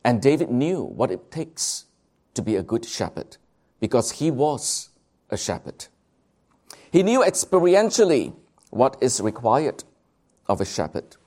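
Slow, emphatic preacher man. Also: mid-range voice, big pitch swings, a little mellow. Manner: slow, emphatic, drawing out key words. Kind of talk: sermon.

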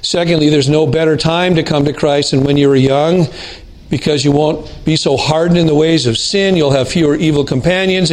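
Earnest and deliberate, this fairly high-voiced pastor addresses his congregation, easing his pace whenever he wants key words to land.

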